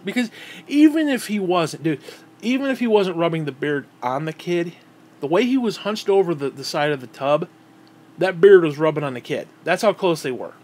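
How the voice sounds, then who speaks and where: This vlogger, a man in his thirties, is animated as he recalls his childhood at a normal speed, his high-leaning voice a little mellow. The telling is casual and rambling, full of curses and stumbles over repeated words.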